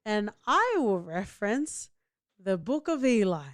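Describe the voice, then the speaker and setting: A woman's voice: mid-range voice, sing-song, a little slow, no room sound, clean studio sound. A woman co-hosting a podcast in casual chat, full of playful, teasing banter. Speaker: podcast co-host.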